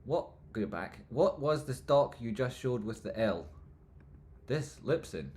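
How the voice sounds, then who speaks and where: A man hosting a live stream, answering chat questions in rambling talk that trails off into mumbles and jumps to loud jokey bursts. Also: mid-range voice, animated, measured pace. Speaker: livestream host answering chat. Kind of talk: casual live chat, stock chart commentary.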